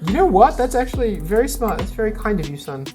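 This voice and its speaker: A woman's voice: mid-range voice, very animated, fast talker, pitched above the performer's own voice, lightly acted. A woman voicing a doting, chatty older father who rambles proudly about his son, over background music. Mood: fond.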